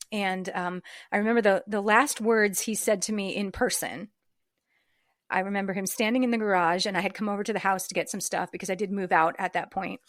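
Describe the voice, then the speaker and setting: A woman guest in an interview, telling a personal story reflectively, with frequent fillers and soft laughs. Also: medium pitch, fairly quick, no room sound, clean studio sound. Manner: reflective, acts out remembered dialogue. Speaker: podcast guest.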